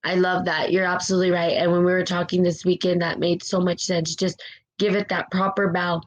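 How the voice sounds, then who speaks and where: A woman hosting a spiritual live stream speaks in a lowish, fairly flat voice at a brisk pace, with the highs cut off in the audio. Emotional and near tears, she reads viewer comments, repeats phrases, and keeps asking "right?" in her fervent motivational talk.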